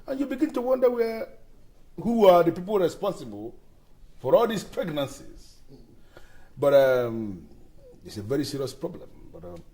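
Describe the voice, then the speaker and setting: An opinionated man holding forth to his friend, his pitch climbing high and swinging widely as he drives each point home. He talks in lecturing, rhetorical bursts in a film scene. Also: big pitch swings, moderate pace, long pauses, dark tone, poor audio. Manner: lecturing, rhetorical, rises into emphatic peaks. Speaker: friend in a men's discussion. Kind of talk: Nollywood film acting.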